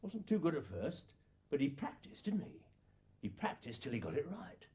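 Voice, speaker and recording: An actor playing an elderly father in a lonely farmhouse, a shrewd and wry man telling his story slowly in a husky voice. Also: fairly high pitch, big pitch swings, dark tone, exaggerated voice. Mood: excited wonder. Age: older. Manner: slow storytelling with playful sound imitations. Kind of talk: acted monologue recollection.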